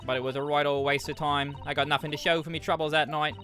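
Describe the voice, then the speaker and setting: A man's voice: little pitch movement, fast, sharp tone, faint music behind. A man voicing a cheeky young cockney street urchin girl while reading game dialogue aloud. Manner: chirpy, high put-on voice.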